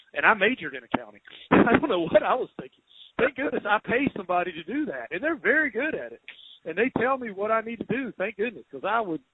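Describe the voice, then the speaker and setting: A man's voice: high voice, slight background noise. Chatty Southern man, phone-like sound. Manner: chatty, laughs often, many restarts. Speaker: podcast host, home inspector. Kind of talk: casual interview chat. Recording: dry, phone-like narrow sound.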